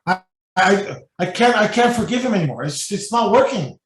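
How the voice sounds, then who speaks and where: A man voicing an exasperated woman fed up with her husband, halting and repeating herself, in an echoey room. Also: medium pitch, animated, natural voice. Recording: echoey room, mic at a distance.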